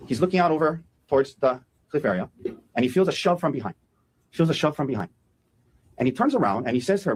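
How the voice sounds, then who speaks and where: A man, a defense attorney, delivering an animated opening statement to a jury and acting out quotes as he goes. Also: mid-range voice, slight background noise, poor audio. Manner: fast, animated, acts out quotes.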